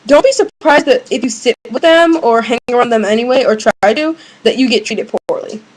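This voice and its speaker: A young woman vents to her webcam in a casual, rambling way, stopping and restarting her sentences and filling the gaps with ums. Her voice sits a bit high. It sounds like a webcam mic in a room at home. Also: fairly quick, poor audio. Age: young adult. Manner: rambling, many fillers and restarts. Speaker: vlogger.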